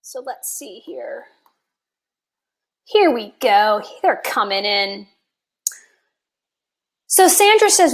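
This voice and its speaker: Upbeat high-voiced woman coaching live. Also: sing-song, extremely slow, long pauses. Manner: enthusiastic, chatty, with occasional laughs. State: slightly hoarse from long talking. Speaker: health coach. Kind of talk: live-stream Q&A.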